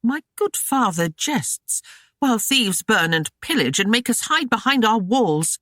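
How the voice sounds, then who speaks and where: A reader voicing a shrill, scornful noblewoman. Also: expressive, unhurried, dry recording, clean studio sound. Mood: snarling. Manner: snarling, railing, scolding. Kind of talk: audiobook character voice.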